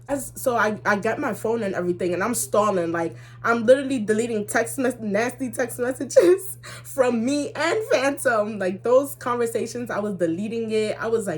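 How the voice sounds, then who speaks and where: Lively young woman telling a story. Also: a little high, normal speed, breathy edge. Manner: animated, slangy, with laughs and acted-out dialogue. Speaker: vlogger. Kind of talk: casual storytime vlog.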